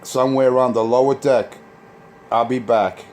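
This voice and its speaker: A man brags and mocks his rivals over a CB radio, circling back to the same points again and again. His mid-pitched voice comes through the radio with a faint hiss of noise. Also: steady tone, moderate pace, darkish tone. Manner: boastful, repetitive, trash-talking. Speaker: CB radio operator. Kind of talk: CB radio on-air rant.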